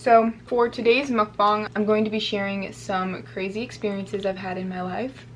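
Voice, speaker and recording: A woman's voice: mid-range voice, level tone, moderate pace, a little hiss or hum. A young woman vlogger chatting casually to her viewers while she eats. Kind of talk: casual mukbang chat.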